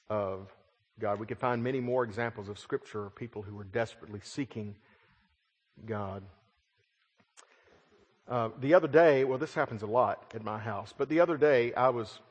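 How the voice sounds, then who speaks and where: A middle-aged man preaching a sermon, his voice swelling loud and then dropping to a hush. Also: mid-range voice. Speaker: pastor. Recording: long hall reverb.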